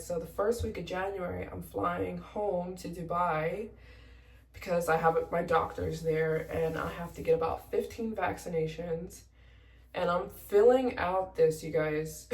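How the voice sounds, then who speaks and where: A woman's voice: lowish voice, reverberant, recorded from a distance. A young woman from the United States, a travel vlogger telling a story in a casual, emotional way, close to tears and acting out both sides of her conversations.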